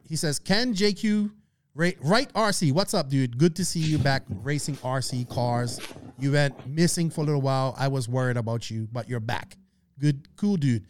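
Smooth-voiced male podcast host. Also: a little high, no echo, studio quality. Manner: loose and chatty, reads listener questions aloud. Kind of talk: casual podcast chat.

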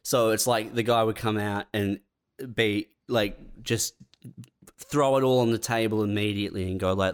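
A man's voice: flat delivery, moderate pace, smooth. A young man in casual chat, laying out comedy ideas and laughing along. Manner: pitches comedy bits, laughs often.

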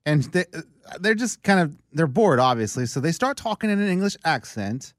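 A man co-hosts a casual podcast chat and rattles off joking stories. His voice sits a little high and swoops around a lot. The sound is dry and close, with no room echo. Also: very animated, normal speed. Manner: joking storyteller, does goofy voices. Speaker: podcast co-host.

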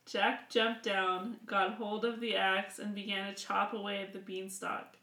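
A woman's voice: mid-range voice, flat delivery, a bit bright, echoey room, poor audio. Woman reading a fairy tale aloud. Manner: laughs often, measured narration. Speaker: storyteller and podcast host.

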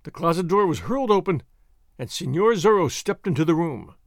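A man narrating a classic adventure novel in expressive, scripted storytelling style. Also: fairly high pitch, a little fast, no room sound, studio quality. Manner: expressive storytelling, varied characters. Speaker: audiobook narrator.

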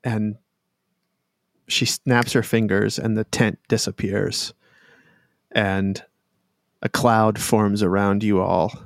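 A man runs a tabletop game, narrating slowly with a low, gravelly voice. The sound is dry and close. He sometimes restarts his sentences as he describes the scene. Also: little pitch movement, no echo. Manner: slow, descriptive, some restarts. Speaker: game master.

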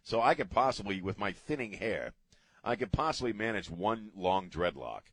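A man's voice: lowish voice, animated, normal speed, fairly bright tone, slightly rough, dry recording. A middle-aged man hosting a talk radio show, ranting sarcastically in a studio. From United States. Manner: sarcastic, ranting, swears casually. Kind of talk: opinionated talk radio monologue. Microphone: studio broadcast mic.

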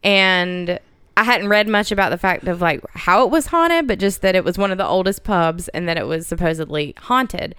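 A woman's voice: fairly low pitch, lively intonation, normal speed, fairly bright tone, clear, resonant tone, dry recording, clean studio sound. A woman co-hosting a casual chat, telling travel stories in a chatty way and laughing at herself. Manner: chatty storyteller, laughs at her own stories. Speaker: podcast co-host.

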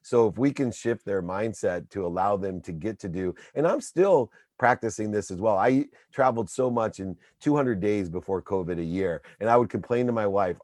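A man's voice: on the low side, moderate pace, hardly any pauses, a little mellow, dry recording, studio quality. A man in his forties, a guest, giving emphatic motivational talk in punchy lists.

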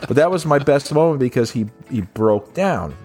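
A man's voice: medium pitch, lively intonation, moderate pace, darkish tone, husky. A man co-hosting a casual film review chat, talking loosely, laughing often and acting out lines from the film. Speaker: podcast co-host. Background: faint synth music.

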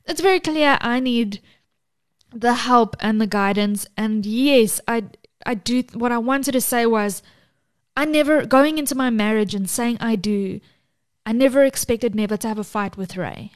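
A woman's voice: a little high, moderate pace. Tearful woman talking frankly, swearing. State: close to tears. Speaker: podcast co-host. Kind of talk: candid podcast chat.

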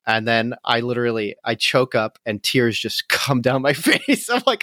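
A man's voice: medium pitch, animated, moderate pace, hardly any pauses, a bit bright, no room sound, studio quality. A man co-hosting a podcast in casual chat, laughing often and talking with emotion. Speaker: podcast co-host.

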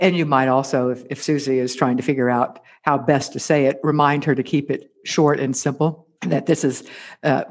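A man hosting a casual advice conversation, posing questions in a measured, thoughtful way. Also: mid-range voice. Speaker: host. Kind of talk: casual interview talk.

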